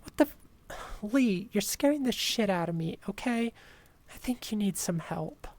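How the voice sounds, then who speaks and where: A woman reading as a frightened young neighbor in a horror story, slow and pleading, her voice climbing higher and louder as she insists she is real. She sounds upset and defensive. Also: expressive. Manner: pleading, upset, rising to shouts.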